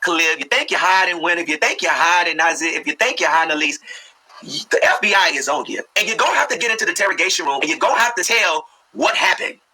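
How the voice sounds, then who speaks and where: A man's voice: sits high, lively intonation, fast talker, pushed and bright, breathy edge, low-quality recording. A man hosting an interview, outraged and emphatic as he asks questions. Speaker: interview host. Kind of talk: emotional interview talk.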